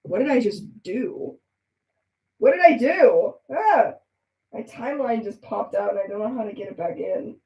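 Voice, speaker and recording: A woman's voice: medium pitch, lively intonation, moderate pace, mellow, distant mic, highs cut off. A young woman chatting casually and rambling with giggles while she draws on a live stream. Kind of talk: casual chat while drawing. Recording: echoey room, voice off-mic.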